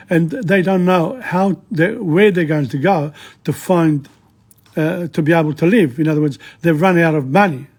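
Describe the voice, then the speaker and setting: Husky, chatty man teaching a language. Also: a little high, darkish tone. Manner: chatty, halting, with frequent restarts and asides. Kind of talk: language lesson, reading a dialogue and translating.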